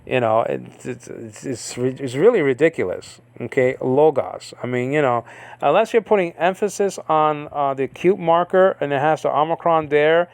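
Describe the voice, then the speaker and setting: A man's voice: fairly high pitch, clean tone, dry recording. Rambling man teaching, dry close sound. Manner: rambling, filler-heavy, keeps asking "okay?". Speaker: Bible teacher. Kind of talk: informal Bible-study lecture.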